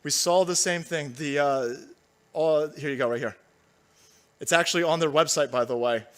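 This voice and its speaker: Brief: foul-mouthed, mocking male streamer reading chat, high voice. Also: moderate pace, fairly bright tone, smooth. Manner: profane, mocking, laughs often. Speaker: livestream host. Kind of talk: political commentary livestream.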